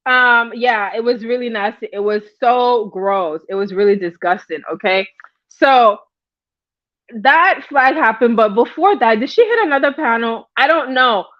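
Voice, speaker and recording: A woman's voice: a little high, expressive, a little slow, no echo, dull audio. A woman hosting a casual livestream gossip chat. She laughs often and greets viewers by name. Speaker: livestream host.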